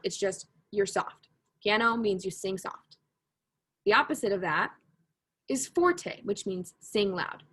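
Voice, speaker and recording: A woman's voice: mid-range voice, expressive, a little slow, long pauses, fairly bright tone, husky. A woman teaching a recorded music lesson, patient and repetitive, correcting her own slips with a laugh at herself. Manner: patient, repeats key points, self-correcting with humor.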